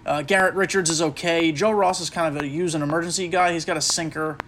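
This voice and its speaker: A podcast host with a slightly high voice, fairly even intonation, and a fairly bright tone talks at a quick pace, with slight background noise. He plays a baseball video game while rambling casually through speculation, often stopping mid-thought and filling gaps with fillers.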